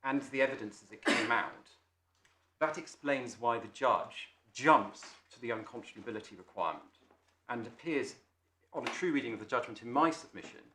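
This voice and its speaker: A male barrister making measured, formal submissions to appeal judges, with small restarts. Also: medium pitch, animated, pushed and bright. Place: large echoey courtroom. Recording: echoey courtroom, faint noise.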